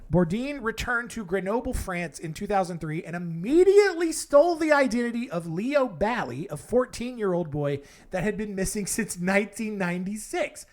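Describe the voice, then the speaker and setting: A man hosts a comedic storytelling podcast with a fairly high voice. He talks in a rambling, casual way, breaking off for jokey asides and correcting himself as he goes. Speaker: podcast host.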